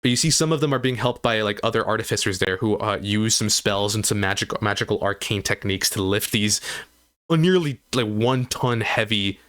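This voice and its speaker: A man's voice: fairly low pitch, a little fast, a bit bright. A man running a tabletop game as game master, narrating in rambling bursts full of fillers.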